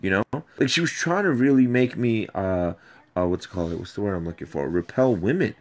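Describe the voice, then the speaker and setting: A man with a fairly low voice tells a rambling personal story in a played clip. He gets animated and keeps circling back over the same points. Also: a little fast. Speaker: video subject ranting about an ex.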